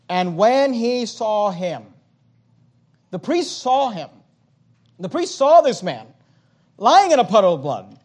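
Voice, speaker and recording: High-voiced preaching man. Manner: emphatic preaching, loud high swings and quiet low drops. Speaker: pastor. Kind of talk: sermon.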